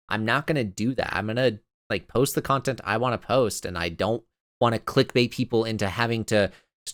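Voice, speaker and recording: A man's voice: mid-range voice, a bit bright, no echo, studio quality. A man co-hosting a podcast, a bit tired and yawning, rambling in casual chat with lots of fillers. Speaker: podcast co-host.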